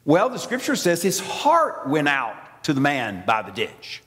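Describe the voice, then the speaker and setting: Animated Southern preacher in a reverberant church. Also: male voice, on the high side, a little slow. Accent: Southern American. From Alabama. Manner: animated, theatrical storytelling with quoted voices. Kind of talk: sermon. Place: large church sanctuary.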